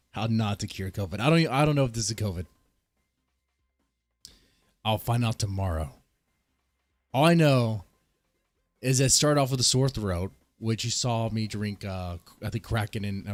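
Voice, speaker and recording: A man's voice: fairly low pitch, dry recording. Stuffy-nosed man ranting casually. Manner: rambling, joking, with coughs and sighs. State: stuffed-up nose; short of breath. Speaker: vlogger host. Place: home garage studio.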